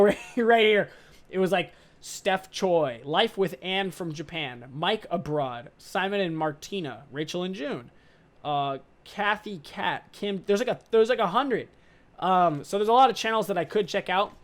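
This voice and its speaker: Rambling young man, slightly high voice. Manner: rambling, loose and slangy with casual swearing; excitable, upbeat. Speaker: podcast host. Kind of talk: casual podcast monologue.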